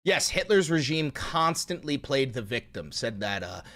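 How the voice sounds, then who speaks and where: A man's voice: medium pitch, very animated, normal speed, pushed and bright. A man hosting a livestream commentary, talking in an angry, emphatic and profane way. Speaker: host.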